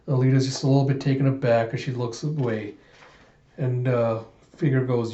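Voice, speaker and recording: A man reads a comic aloud in a casual, animated storytelling manner. His voice is dark and mellow, and the recording sounds dull and lo-fi in an echoey room. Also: medium pitch, fairly quick. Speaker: comic readthrough host.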